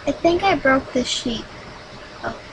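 High-voiced woman chatting through a game. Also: lively intonation, measured pace, slight background noise, poor audio. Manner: chatty, dramatic, bursts into high squeals. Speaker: gaming channel host. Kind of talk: solo game commentary.

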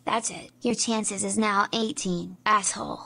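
A woman's voice: mid-range voice, steady tone, a little slow, creaky, a loud crowd. A synthetic woman's voice playing a foul-mouthed computer error program that scolds and threatens.

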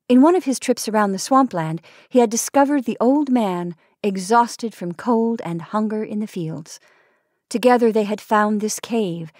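A woman narrating a story aloud at a measured pace, her mid-pitched voice dry and close. She reads with expression but stays even. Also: no echo.

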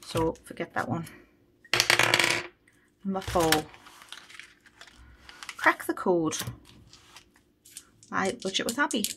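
A woman's voice: medium pitch, sing-song, slow pace, long pauses, heavy background noise. A woman chatting casually on a budgeting vlog, thinking aloud as she counts money. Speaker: budgeting vlogger. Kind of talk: casual chat while cash stuffing.

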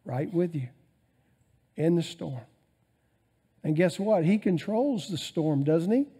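A male pastor preaching a sermon, swinging between loud emphasis and quiet asides. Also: a little high, lively intonation, unhurried, breathy edge.

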